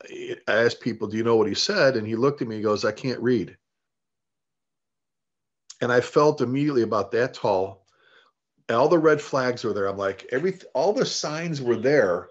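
An animated man, a fire service leader and author appearing as an interview guest, tells stories conversationally, acting out quoted dialogue and restarting often. His voice is medium-pitched at a normal speed, and the interview audio is dull and lo-fi.

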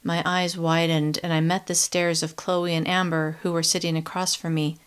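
A woman reading a first-person young adult novel in a steady, measured audiobook narration. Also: on the low side, smooth.

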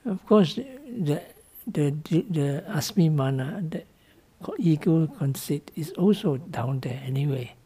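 A man's voice: a little high, lively intonation, measured pace, hardly any pauses, warm tone, breathy edge. A man, a Buddhist monk, giving a dharma talk to students in loose, non-native English, asking "no?" to check understanding and laughing lightly. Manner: loose, playful teaching with frequent tag questions like "no?" and small laughs.

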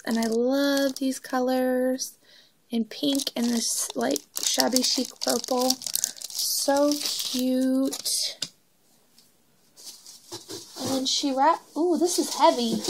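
High-voiced, gushing woman vlogger. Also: creaky, a little hiss or hum, rough recording. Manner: gushing, excitable, chatty. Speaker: crafting vlogger. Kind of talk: casual unboxing chat. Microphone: phone.

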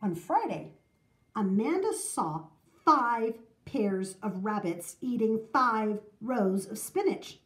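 Storybook reader, woman, lively, higher-pitched, sing-song delivery. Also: slow, roomy sound. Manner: expressive, sing-song reading. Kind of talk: children's storybook read-aloud.

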